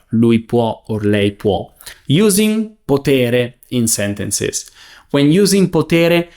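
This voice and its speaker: A man teaching a beginners' language lesson, saying examples slowly and clearly. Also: medium pitch, a little mellow. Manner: slow, clear, enunciating. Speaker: Italian teacher.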